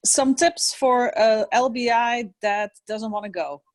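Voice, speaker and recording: A woman's voice: a little high, unhurried. A woman student sharing a training tip in a virtual lesson over a video call, speaking plainly and thoughtfully. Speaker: student in a class.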